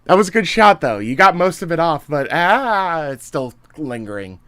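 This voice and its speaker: A man running a tabletop game, his voice sitting a little high and sounding close and dry. He narrates and makes rulings in a relaxed way, thinking aloud as he goes. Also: normal speed, clear, resonant tone, no room sound. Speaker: game master.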